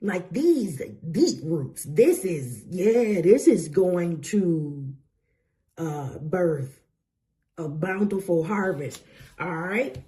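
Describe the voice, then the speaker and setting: A woman's voice: on the low side, expressive, slow pace, dark tone. A woman giving a casual tarot reading, talking bluntly and sassily with profane, preachy asides. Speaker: tarot reader.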